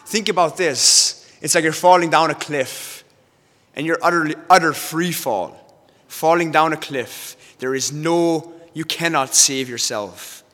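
A man's voice: fairly high pitch, unhurried, fairly bright tone. A man preaching an earnest sermon, reading scripture aloud and often repeating and restarting his phrases. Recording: long hall reverb.

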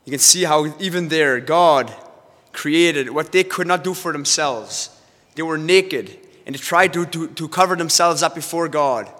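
Male preacher, earnest, forceful tone, slightly high voice, long hall reverb. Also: unhurried. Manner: earnest, repetitive, restarts often. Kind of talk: sermon reading scripture.

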